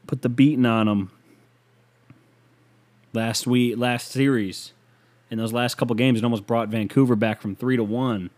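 A man with a mid-pitched voice rants alone into a podcast microphone. He rambles from point to point and swears freely, with a mocking edge. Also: darkish tone. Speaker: podcast host. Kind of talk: casual solo podcast rant.

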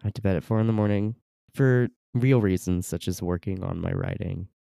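Young man, sleepy, deep dark voice, dry joking, casual podcast chat. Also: brisk, creaky, dry recording. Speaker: podcast co-host.

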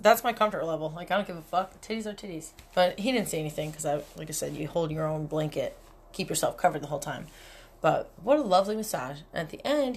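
A young woman hosts a casual solo podcast and talks straight into the mic. Her voice sits a little low, and she is candid and profane. She laughs often between her lines. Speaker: podcast host. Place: cabin.

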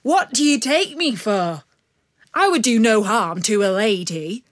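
A woman's voice: fairly low pitch, unhurried, no room sound, clean studio sound, lightly acted. A woman voicing a gallant young male outlaw leader with a courteous, teasing manner in a storybook reading.

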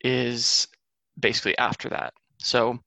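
A man's voice: mid-range voice, flat delivery, a little slow, creaky, pushed and bright, dry recording. A man co-hosting a podcast, talking casually and rambling a little about books, with plenty of fillers. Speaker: podcast co-host. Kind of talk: casual chat.

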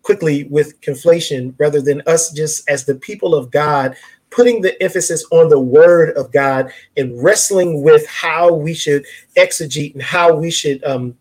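A man in an impassioned casual discussion, speaking in a preacherly way with many restarts as he cites scripture. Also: on the high side.

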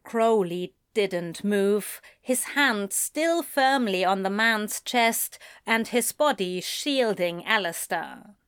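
A woman narrating a story in a slow, measured storytelling voice. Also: medium pitch, lively intonation, fairly bright tone, clean tone, dry recording, studio quality. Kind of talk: fan fiction audiobook reading.

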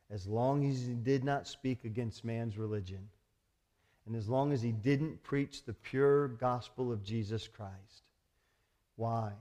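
A man delivers a sermon with a warm, mellow tone. He speaks earnestly and conversationally, throwing rhetorical questions at the congregation. His pitch sits in a middle range for a man. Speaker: preacher.

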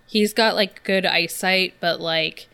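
A woman's voice: fairly low pitch, steady tone, slow pace, gravelly, bright, forceful tone. A woman co-hosting a podcast, chatting about a movie in a laid-back, wry way. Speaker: podcast co-host. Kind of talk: casual movie review chat.

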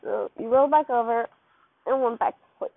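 A woman's voice: fairly high pitch, brisk, vocal fry. A woman casually reading a second-person fan fiction story aloud, with a loose, rambling delivery full of slips and restarts. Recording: tinny, phone-like dry recording.

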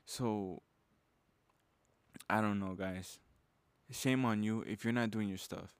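Young male podcast host, low-pitched, casual and intense pep-talk delivery, dry close mic. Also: steady tone, measured pace, no echo. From Mexican heritage. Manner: casual, fired-up, uses "bro" and "man". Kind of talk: motivational podcast monologue.

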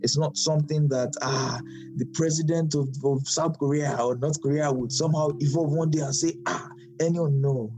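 A man as pastor, teaching a Bible study sermon, quoting verses with stress and asking quick tag questions. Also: on the high side, fairly even intonation, dark tone, soft background music, low-quality recording.

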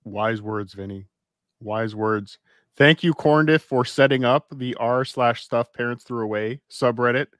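A man's voice: medium pitch, a little slow, fairly bright tone, dry recording, studio quality. A man co-hosting a casual comedy podcast, trading wry banter and reading listener posts aloud. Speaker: podcast co-host.

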